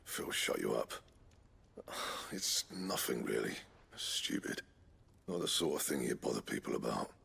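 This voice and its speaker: A grumbling old blacksmith with a gravelly growl that sits very deep. His pitch still rises and falls widely as he curses and brushes people off, with game music faintly underneath. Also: very animated, measured pace, fairly bright tone, exaggerated voice. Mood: irritable. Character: gruff proud older male blacksmith. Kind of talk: video game voice acting.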